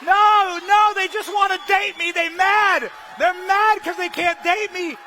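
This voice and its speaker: A young man on stage, speaking to a large hall with a very high, piercingly bright voice. He fires off short, punchy lines and can sink into earnest, quieter speech. A faint crowd murmur sits in the background. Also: unhurried, a little hiss or hum. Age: young adult. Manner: shouting, punchy, swinging to quiet earnest talk. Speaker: rally speaker.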